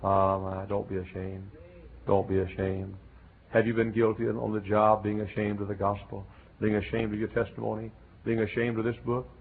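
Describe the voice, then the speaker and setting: A man's voice: lowish voice, flat delivery, fairly quick. Southern preacher man, middle-aged, drawly storytelling, faint hiss behind. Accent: Southern American. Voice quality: gravelly. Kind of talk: sermon storytelling. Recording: tinny lo-fi phone-like recording.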